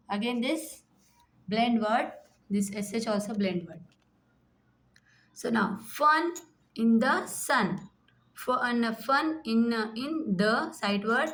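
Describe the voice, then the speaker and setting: A woman's voice: a little high, slow. A woman with an Indian English accent teaching a phonics lesson, sounding out letters and repeating each word. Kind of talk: slow classroom phonics lesson.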